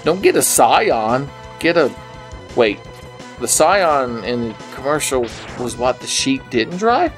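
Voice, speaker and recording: A young man slurring a little while drinking, giving rambling, profane commentary on a game as he plays it, swinging between low mutters and sudden yells. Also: sing-song, slow pace, faint music behind. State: slightly drunk, slurring. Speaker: gaming video maker. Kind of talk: drunken let's play commentary. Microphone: headset.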